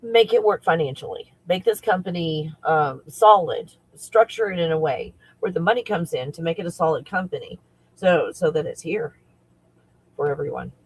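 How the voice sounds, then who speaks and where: A man who works as a spiritual coach talks casually on a livestream, excitable and rambling, often breaking into laughter. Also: fairly high pitch, moderate pace, slightly rough, low-quality recording.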